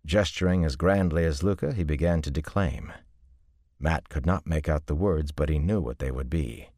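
In a calm, measured manner, a man reads scripted audiobook narration. His voice is extremely deep, a rumbling bass, captured in a dry, close recording without any room sound.

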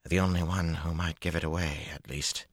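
A hurt woman speaks slowly in a faint, drawling voice, put on by a deep-voiced male narrator. Her words come haltingly, as if dragged out of her. The audiobook recording is dry and close. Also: no echo. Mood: weak, halting. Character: weak wounded woman, sharp-tongued sailor.

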